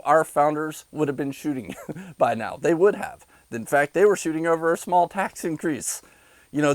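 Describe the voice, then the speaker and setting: A vlogger with a voice on the high side delivers an angry, sarcastic rant to his viewers, insulting them between bitter laughs. The recording is low quality but has no echo.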